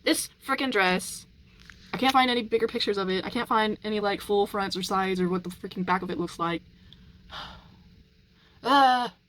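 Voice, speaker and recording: A woman's voice: medium pitch, steady tone, a little fast, fairly bright tone, slight background noise, low-quality recording. A woman in a casual chatty vlog, rambling and exasperated, often laughing, talking at home while she works on furniture. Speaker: vlogger. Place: home, working on a furniture project.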